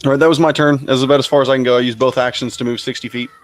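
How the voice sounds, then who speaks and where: A man's voice: mid-range voice, fairly even intonation, rapid-fire. A man playing a tabletop game over an online voice call, casual and a bit unsure. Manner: casual, counting aloud, unsure. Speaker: player.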